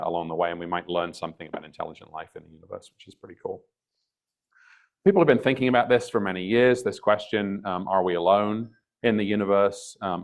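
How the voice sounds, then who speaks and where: A man from the UK giving a public science lecture over a video call, dry and wry with many ums and uhs. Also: low voice. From UK, near Liverpool. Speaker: guest speaker.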